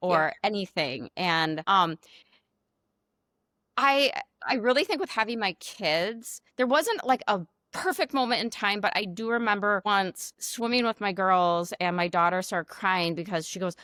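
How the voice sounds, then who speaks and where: A woman's voice: mid-range voice, expressive, unhurried, bright, forceful tone, dry recording, clean studio sound. A woman guest on a podcast, chatting casually and telling stories with quoted dialogue. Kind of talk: casual chat.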